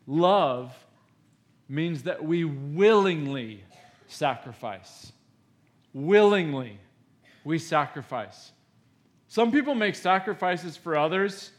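A man preaching a sermon as a pastor, emphatic, swinging between loud stressed words and hushed asides, in a conversational way. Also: a little high. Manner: conversational, with acted-out quotes.

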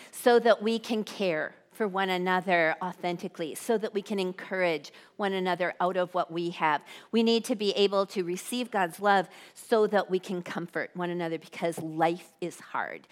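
A woman in her forties giving a sermon to a live audience, bubbly and animated, dropping to hushed tones. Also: mid-range voice, normal speed. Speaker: women's ministry speaker.

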